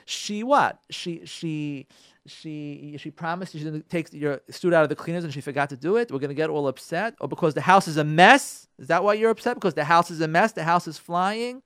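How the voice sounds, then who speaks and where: Brisk and slightly high, with a bit of brightness and a clean tone, a man shares a story and marriage advice on a radio program. He speaks straight to the audience and repeats phrases for emphasis, in studio quality with no echo.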